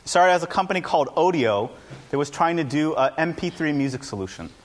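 A fairly high-pitched man talks fast, giving a casual, high-energy talk to a live audience as an entrepreneur. He delivers punchy lines and throws in self-deprecating asides.

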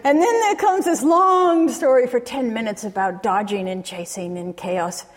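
A woman giving an academic lecture, retelling stories in a measured way with pauses. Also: on the high side. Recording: long reverb of a large hall.

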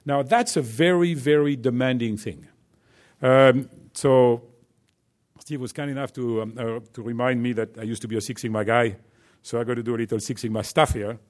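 French-accented executive addressing students. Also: male voice, mid-range voice, fairly even intonation, normal speed. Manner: chatty, many fillers and "right?" check-ins. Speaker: company executive speaking to business students. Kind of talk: business talk to students.

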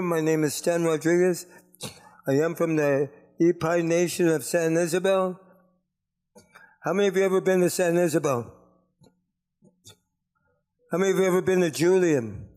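A man's voice: on the high side, a little mellow. A man giving a casual public talk as guest speaker, friendly and joking with the audience.

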